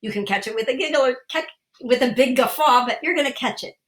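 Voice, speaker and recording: A woman's voice: high-pitched, fast. An older woman leading a guided online laughter exercise, cheerfully coaching listeners through each step. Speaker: laughter instructor.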